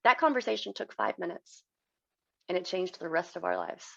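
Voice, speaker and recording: A woman's voice: fairly low pitch, huge pitch swings, normal speed, creaky, no room sound. A woman in her thirties, a guest on a podcast, tells a personal story candidly and with emotion, acting out the dialogue. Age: 30s. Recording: dry, dull lo-fi sound.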